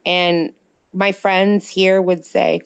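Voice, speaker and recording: Chatty woman with a smooth voice. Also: on the low side, level tone, takes it slowly, no room sound, dull audio. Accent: slight New Jersey. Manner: chatty, rambling, answers viewer comments. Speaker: livestream co-host. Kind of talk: casual late-night live chat. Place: home in California at night.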